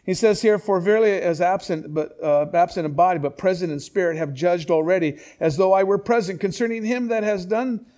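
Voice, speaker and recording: High-voiced man preaching a lively sermon. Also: brisk, few pauses. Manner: conversational, animated, with sarcastic asides and chuckles. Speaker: pastor. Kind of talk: expository sermon.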